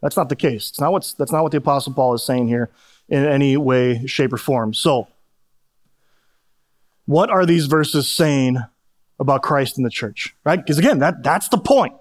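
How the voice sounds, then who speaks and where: A man's voice: medium pitch, moderate pace. A middle-aged male pastor giving a conversational sermon, with self-deprecating humor and frequent restarts.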